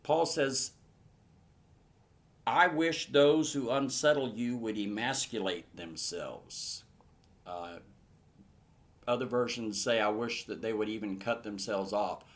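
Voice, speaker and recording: A man's voice: lowish voice, takes it slowly, pauses often. A man teaching verse by verse through a Bible passage in an earnest manner, rising to emphatic bursts.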